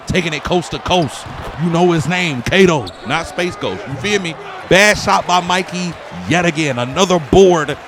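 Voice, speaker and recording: Hype gravelly-voiced man calling a game. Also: on the high side, background noise. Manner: hype, slangy, shouts and sings along with the play. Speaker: gaming YouTuber. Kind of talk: casual game commentary. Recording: loud game music behind the voice.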